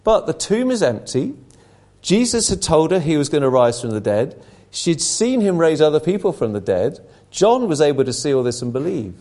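A man's voice: fairly high pitch, very animated, normal speed, a little mellow. A middle-aged man preaching a sermon, emphatic, his intensity rising and falling.

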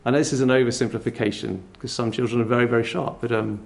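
A man preaching a sermon in a conversational, animated way, full of rhetorical questions. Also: mid-range voice, fast talker, gravelly.

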